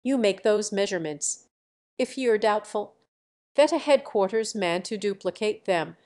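A stern male officer with a curt, commanding way of speaking, as a woman reader puts him on. He lays out his orders slowly and deliberately, in the measured tone of an audiobook. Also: medium pitch, lively intonation, a little mellow, lightly acted. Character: gruff stern male senior survey officer. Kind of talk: audiobook reading.

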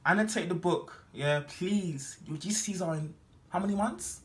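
A man doing an eager teacher, high voice. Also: slight background noise, close to an everyday voice. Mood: teacherly. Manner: brisk, encouraging, lecturing. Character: eager male British secondary school teacher.

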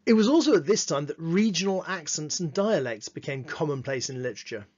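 A man giving a lesson on literature, reading quotations slowly and adding dry, wry asides. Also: fairly high pitch, expressive, a little mellow. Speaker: teacher. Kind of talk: lesson with read-aloud quotations. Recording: dull lo-fi recording.

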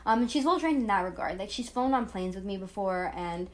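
A woman's voice: medium pitch, lively intonation, brisk. A woman talks through her game footage in a loose, rambling, conversational way. She is coming down with a cold. The voice-over is recorded on her phone. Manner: chatty and rambling. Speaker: gaming channel host. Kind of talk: casual gameplay voice-over.

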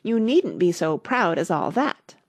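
A woman's voice: mid-range voice, very animated, measured pace, breathy edge, dry recording, exaggerated voice. Lady doing a bossy scolding gryphon, snappy and scornful, dry close sound. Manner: curt, scolding. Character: gruff impatient male gryphon, scornful.

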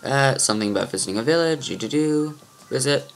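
A man's voice: medium pitch, lively intonation, fairly quick, vocal fry, soft background music. A man casually commenting on a video game and reading tutorial text, with mumbled offhand asides. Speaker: let's play host.

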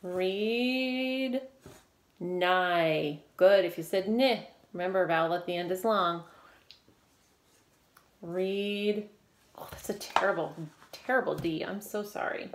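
A woman teaching a phonics reading lesson to children, prompting and praising in a slow, clear, encouraging way. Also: mid-range voice, a little hiss or hum.

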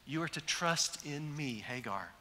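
Male preacher, animated storyteller, sharp bright tone, echoing sanctuary. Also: on the high side, a little slow. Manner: animated storyteller acting out quotes. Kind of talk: sermon. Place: large church sanctuary. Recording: echoey hall.

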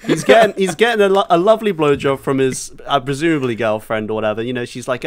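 A man's voice: medium pitch, fast, hardly any pauses. A young man co-hosting a podcast in casual chat, laughing through his story as he tells it. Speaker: podcast co-host.

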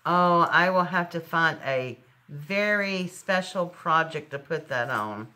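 Gushing woman with a bright voice. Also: low-pitched, lively intonation, takes it slowly. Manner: gushing, exclaims over each item. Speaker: crafting channel host. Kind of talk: casual unboxing chat.

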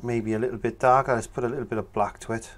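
A man, talking through a painting tutorial in a relaxed, chatty way as he works. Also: mid-range voice, fast. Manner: relaxed, chatty, talks while working. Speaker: painting instructor.

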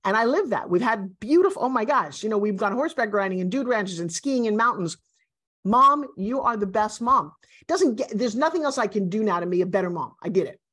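A woman in her sixties, a guest, talking in an emphatic, animated and self-assured way in a motivational interview. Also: medium pitch, fast talker, hardly any pauses, husky. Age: 60s.

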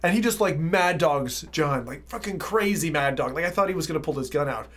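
A man's voice: a little high, animated, a little fast, a bit bright. A man, a VR streamer telling trip stories in a casual, rambling vlog full of fillers. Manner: rambling storytelling with many fillers.

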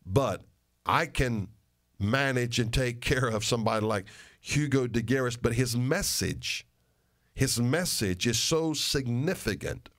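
A man's voice: mid-range voice, lively intonation, measured pace, fairly bright tone. An older man, a pastor, making an earnest and emphatic appeal to his listeners, repeating phrases for stress. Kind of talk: radio sermon and ministry appeal.

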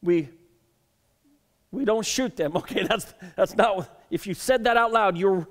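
A pastor in his thirties preaches in a relaxed, conversational way, telling stories and often stumbling into repeated starts. His voice sits high for a man. The sound carries a long reverb from a large hall. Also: unhurried. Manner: conversational, self-deprecating storytelling with frequent repeated starts. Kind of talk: sermon.

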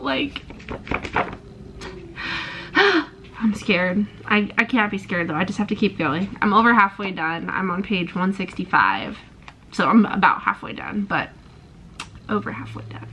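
Slow-talking emotional woman book vlogger. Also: medium pitch, fairly bright tone, highs cut off, a little hiss or hum. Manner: emotional, gushing, sighing often. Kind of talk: casual reading vlog.

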